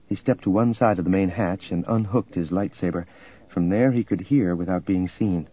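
A man's voice: deep voice, normal speed, mellow, dull audio. A man narrating a novel as a scripted audiobook reading, telling the story evenly.

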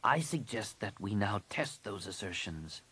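A man putting on a young alien apprentice woman for an audiobook, her voice raised above his own and careful, deferential and earnest. A husky edge stays under the delivery. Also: on the low side, sing-song, unhurried, bright, forceful tone, full character voice. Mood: cautious. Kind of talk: audiobook reading.

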